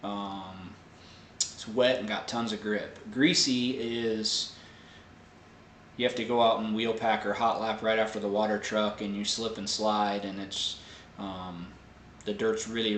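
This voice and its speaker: A man hosting a live question-and-answer show, explaining technical answers in a relaxed way with many fillers. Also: on the low side, a little slow, echoey room, a little hiss or hum. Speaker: host answering viewer tech questions. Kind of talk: casual live Q&A.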